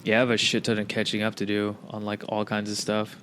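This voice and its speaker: A man's voice: lowish voice, fast talker, a little hiss or hum. A man hosting a podcast, chatting casually and profanely with a guest. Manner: relaxed, profane, laid-back. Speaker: podcast host. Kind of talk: casual interview chat.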